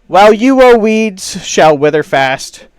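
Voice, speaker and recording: A man's voice: sing-song, slow, clean tone, no echo, full character voice. Man voicing Amador, a tiny swaggering dandelion swordsman. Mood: grand recital. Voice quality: tiny weird high voice. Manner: grandly declaiming, bossy and flirtatious. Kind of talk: game master voicing a character.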